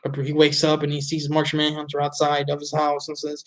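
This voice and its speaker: A man's voice: fairly high pitch, monotone, fairly quick, hardly any pauses. Blunt, profane man ranting about a film. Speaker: movie reviewer. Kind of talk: casual ranting film review.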